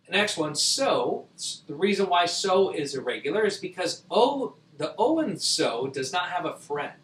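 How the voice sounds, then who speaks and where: A man's voice: high voice, sing-song, moderate pace, fairly bright tone, husky. A man teaching a spelling lesson, patiently explaining rules and sounding out each letter. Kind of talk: spelling tutorial.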